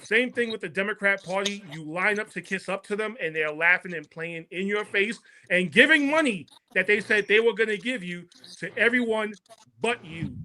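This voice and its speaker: A man's voice: high voice, moderate pace, sharp tone, rough recording. A man speaking as a guest on a political talk show, making an impassioned case and repeating words as he presses his points. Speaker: podcast guest.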